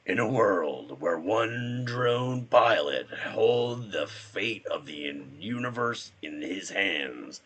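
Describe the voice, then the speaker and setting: Man doing a movie-trailer announcer voice, dramatic, very deep, husky, drawn-out. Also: lively intonation, fairly bright tone, full character voice. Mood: grandiose.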